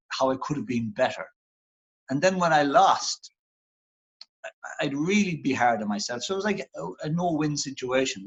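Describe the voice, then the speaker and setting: An Irish performance psychologist with a medium-pitched, husky voice speaks earnestly and reflectively in a motivational interview, coaching listeners on how they talk to themselves. The sound is lo-fi.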